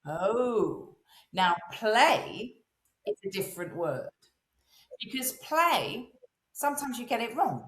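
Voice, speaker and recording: A woman, a voice and presence coach, chatting as an interview guest and telling animated stories in which she acts out the voices of the people she quotes. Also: on the high side, takes it slowly, echoey room. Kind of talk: casual interview chat.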